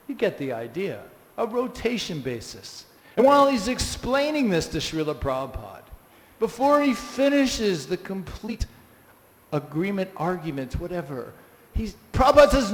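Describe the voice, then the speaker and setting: A man speaks to a gathered audience in a temple hall, his high voice leaping between hushed low asides and loud bursts. He teaches by telling stories and calling out to the listeners, and a long reverb trails each line. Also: unhurried. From United States. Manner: animated storyteller, exclamatory asides to the audience. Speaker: class speaker. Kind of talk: lively scripture class talk.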